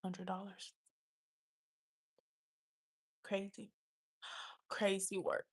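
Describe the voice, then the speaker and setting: A woman's voice: medium pitch, completely flat delivery, slightly rough. A woman in her twenties casually telling a rambling, slangy story to her livestream viewers, acting out what others said and sometimes dropping into a whisper. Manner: rambling, slangy, reenacts others' lines with quick asides; drops into whispers when swearing. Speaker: livestream host.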